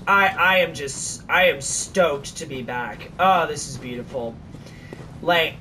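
Excitable gamer with a lively, drawn-out voice. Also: medium pitch, distant mic, slight background noise. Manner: excitable, exclaiming and swearing at the game. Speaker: gaming channel host. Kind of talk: let's play commentary.

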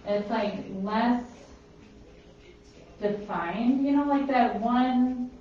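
A Minnesotan woman, a pet portrait painter, chats from across a large studio while painting. She draws out her words in a fairly high voice, rambling and laughing at herself. Slight background noise sits under roomy, distant, slightly dull audio.

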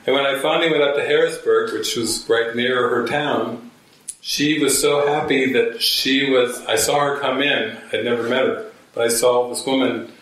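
A man's voice: mid-range voice, fairly even intonation, normal speed, a bit bright. A man, a spiritual teacher, telling a story to a gathering and acting out quotes in shifting voices. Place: church hall. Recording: very echoey room, mic far off.

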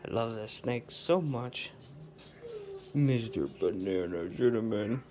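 A man's voice: on the low side, expressive, slow. A man chatting casually and fondly to his pet snakes at home while cleaning their tubs, in a playful sing-song. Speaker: snake keeper vlogger.

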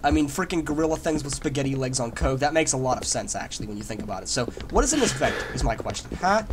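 Jumpy, joking gamer guy with a lively voice. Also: mid-range voice, fast. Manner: jokey, rambling, bursts into loud yelps when scared. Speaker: gamer playing a horror game. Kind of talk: let's play commentary. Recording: noisy home recording.

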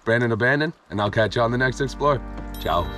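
A man's voice: mid-range voice, expressive, quick pace, music in the background. A man hosting his own exploration videos, casually narrating a walk through an abandoned house and plainly listing what he finds. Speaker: host of an urban exploration channel.

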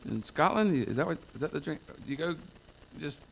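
A man's voice: a little high, expressive, a little fast, gravelly. A man from the United States preaching a folksy, self-mocking sermon to a church congregation, wandering into asides. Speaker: pastor.

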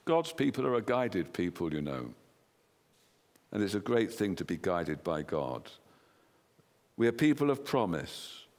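English preacher with hall reverb. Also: male voice, deep voice, sing-song, a little slow, pauses often, a little mellow. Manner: earnest, rhetorical questions to the congregation. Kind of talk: sermon. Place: church hall.

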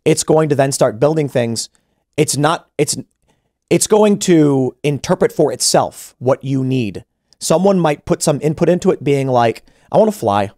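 A man's voice: fairly high pitch, animated, measured pace, a little mellow, no room sound. A man hosting a podcast, talking casually and animatedly, acting out imagined dialogue with many restarts, close to a studio mic. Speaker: podcast host.

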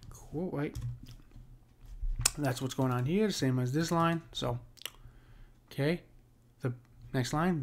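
A man teaching a casual lesson on poetic meter, talking conversationally, often checking in with his listeners and slowing down to read verse aloud. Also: medium pitch.

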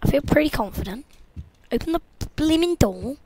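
A woman with a high, light voice narrates a horror game as she plays. She mutters half-whispered asides to herself, then bursts into gasps and shrieks when something jumps out, keeping a goofy, joking tone throughout. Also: lively intonation, normal speed, dark tone, slight background noise. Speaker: gamer. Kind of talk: horror let's-play commentary.

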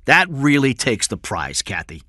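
A man's voice: medium pitch, big pitch swings, unhurried, pushed and bright, dry recording, studio quality, pitched above the performer's own voice, full character voice. A man reading aloud and voicing a hard-nosed male kidnapper who gives orders in a bossy, sarcastic way. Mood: commanding.

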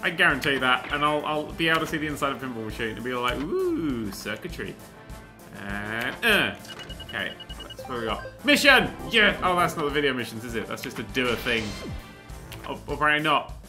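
A man giving rambling, excitable gameplay commentary and swearing often as he plays. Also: mid-range voice, brisk, music in the background. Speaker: let's play host.

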